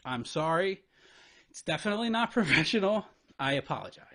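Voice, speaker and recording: A man with a fairly high, sing-song, bright voice and a forceful tone reacts to a debate clip, swearing and venting in exasperated disbelief as he talks over the paused footage.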